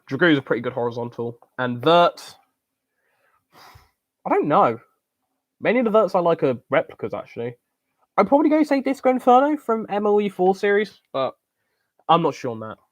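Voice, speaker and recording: A man's voice: a little high, sing-song, normal speed, long pauses, no echo. A young man from the UK hosting a casual live-stream Q&A, rambling with lots of ums and joking bluntly. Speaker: channel host answering viewer questions.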